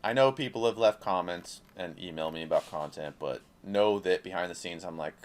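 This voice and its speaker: Low-pitched guy vlogging, swears a lot, rambles on passionately. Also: animated, moderate pace, few pauses. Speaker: independent creator vlogging. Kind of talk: casual talking-head monologue.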